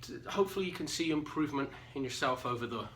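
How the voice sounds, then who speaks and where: A man's voice: medium pitch, lively intonation, fast, fairly bright tone. A man teaching phys ed, demonstrating exercises and counting reps aloud while out of breath. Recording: roomy echo, distant mic, faint background noise.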